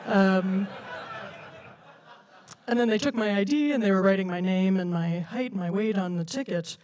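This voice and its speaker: A woman's voice: medium pitch, moderate pace, darkish tone. Woman comic with a lilting, silly voice. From Denver, USA. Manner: lilting, quirky, self-described silly way of talking. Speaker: stand-up comedian. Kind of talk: stand-up routine. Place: comedy stage before a live audience.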